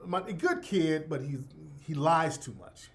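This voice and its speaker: A middle-aged man with a somewhat high-pitched voice hosts his own radio show. He tells a casual, profane story, ranting with animated bursts and laughing. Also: measured pace.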